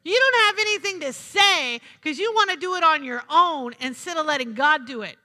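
Bright, high-pitched woman preaching in a hall. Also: expressive, moderate pace. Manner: emphatic, repeats phrases, asks the congregation "Amen?". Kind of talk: sermon. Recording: long hall reverb.

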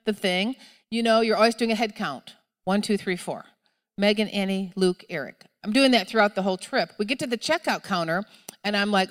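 A middle-aged woman preaching a sermon in a church, telling a story in a chatty way and shouting when she acts out a moment of panic. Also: fairly high pitch. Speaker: pastor. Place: church sanctuary. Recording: long hall reverb.

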